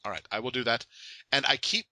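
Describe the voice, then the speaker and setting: A man's voice: mid-range voice, fast talker, pushed and bright, dry recording, low-quality recording. A man hosting a casual podcast interview, joking around and laughing often. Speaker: podcast host.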